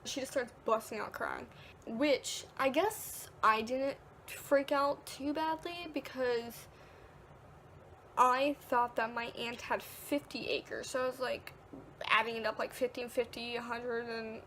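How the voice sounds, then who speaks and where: A woman's voice: fairly high pitch, steady tone, measured pace, a bit bright, slight background noise. A teenage girl vlogging, casually telling a story, full of "like" and acted-out quotes. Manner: chatty, peppered with "like", acts out quotes.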